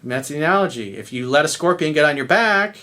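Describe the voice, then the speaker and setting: A man's voice: a little high, lively intonation, fast, bright, forceful tone. Blunt, profane male dating coach. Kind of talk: ranting monologue to camera.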